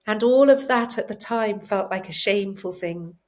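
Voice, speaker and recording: A woman's voice: medium pitch, normal speed, few pauses, a little mellow. A woman, a palliative care doctor, speaking earnestly and from the heart as a guest at home. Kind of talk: emotional conversational interview. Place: home, on a sofa.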